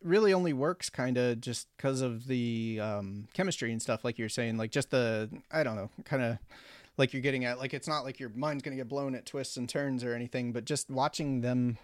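A man's voice: medium pitch, normal speed, dry recording, studio quality. A man co-hosting a casual movie review podcast, easygoing and laughing often. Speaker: podcast co-host.

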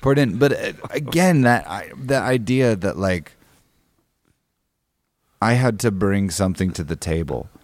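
Deep male guest, rambling anecdote with lots of fillers and restarts, dry close sound. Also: lively intonation, unhurried, pauses often, no echo. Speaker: guest musician. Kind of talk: casual storytelling interview.

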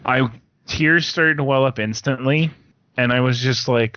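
A young man in casual chat as a podcast co-host, excitedly retelling scenes and swearing. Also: medium pitch, normal speed, dry recording. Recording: dull lo-fi sound.

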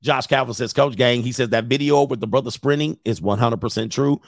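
Blunt, gravelly male stream host. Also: medium pitch, fairly quick, dry recording, clean studio sound. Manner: blunt, animated storytelling with put-on quotes and laughs. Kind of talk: casual reaction stream commentary.

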